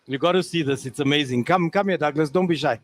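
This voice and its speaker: A man's voice: a little high, quick pace, dry recording. A man, the mall's landlord, giving a welcoming speech at an outdoor event with frequent restarts and fillers. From South Africa.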